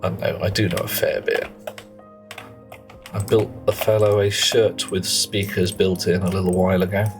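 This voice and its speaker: A man's voice: sits low, little pitch movement, moderate pace, over music. A middle-aged man chatting and rambling in casual commentary while he plays a game on a live stream. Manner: rambling, chatty, muttering to himself while playing.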